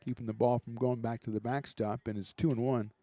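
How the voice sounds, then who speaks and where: Mellow-voiced man calling college baseball. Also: a little fast, no echo. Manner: relaxed, chatty, lightly joking between pitches, rising excitement on big plays. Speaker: play-by-play announcer. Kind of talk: baseball play-by-play commentary.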